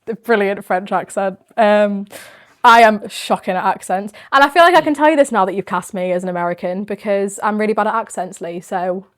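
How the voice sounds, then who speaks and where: A woman's voice: mid-range voice, brisk. Yorkshire woman, podcast host, chatty and bubbly, laughs easily. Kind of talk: casual podcast chat.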